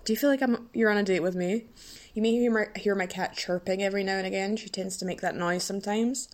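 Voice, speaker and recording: A woman hosts her own podcast alone and chats in a loose, rambling way. She giggles, pokes fun at herself and sounds a little bashful. She is sick, so her nose is stuffed and her throat is rough. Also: medium pitch, steady tone, quick pace. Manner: giddy, rambling, self-mocking, giggly. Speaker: podcast host. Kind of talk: casual solo podcast chat.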